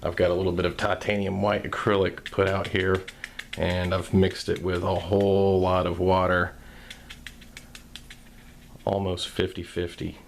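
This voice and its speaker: A man calmly narrating a craft tutorial in a soft-spoken, step-by-step way. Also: low-pitched, measured pace, gravelly, long pauses, a little hiss or hum.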